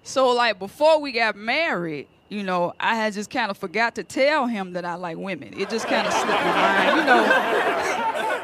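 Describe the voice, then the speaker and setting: A woman's voice: mid-range voice, normal speed, a crowd in the background, background noise. A woman doing a stand-up comedy set, telling stories with slang and laughing often. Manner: laughing, animated storytelling with slang.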